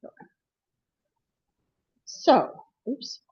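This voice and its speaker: A woman's voice: extremely slow, mellow, muffled recording. A woman presenting her paranormal investigations at an online panel, chatty and apologetic, laughing often. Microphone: video call.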